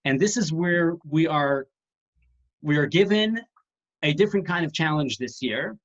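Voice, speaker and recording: In dull, lo-fi video call audio, a man with a slightly high, expressive voice teaches an online class at a measured pace. He keeps it casual and conversational, restarting phrases and cracking the occasional joke.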